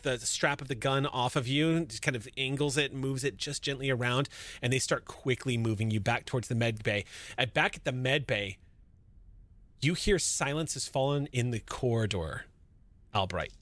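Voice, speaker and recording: A man serves as game master for a sci-fi horror tabletop game, laying out rules and scenes in an easygoing manner, full of fillers and restarts. His pitch is medium, his pace moderate, and there's no echo.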